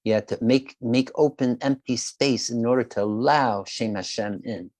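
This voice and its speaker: A man teaching an online Torah class who weaves Hebrew terms into his talk, halting often and repeating his words as he searches for a phrase. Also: mid-range voice, a little mellow, dry recording.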